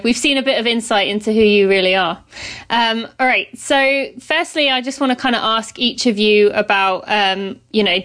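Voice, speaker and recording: A woman's voice: medium pitch, fairly bright tone. British woman, podcast host, casual chat, laughs easily, restarts sentences. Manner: chatty, laughs often, self-correcting.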